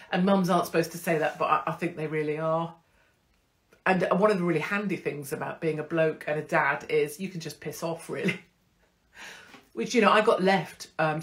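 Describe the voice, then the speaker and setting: Casting: middle-aged woman, low voice, blunt, profane, rambling chat host. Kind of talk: casual live-stream chat.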